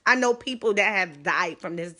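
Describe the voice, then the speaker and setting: A woman talks straight into her phone on a live stream. Her voice is bright and forceful, urgent and pleading, and she sounds close to tears. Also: fairly low pitch, lively intonation, moderate pace. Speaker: livestreamer. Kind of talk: emotional live stream address.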